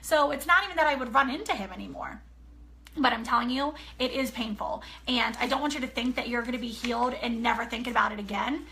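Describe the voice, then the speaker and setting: Earnest woman author, thirties, bright and a little high, animated storyteller. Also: fast. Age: 30s. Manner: earnest, animated storytelling, often checks in with "okay?". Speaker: author sharing a personal story. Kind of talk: casual personal talk.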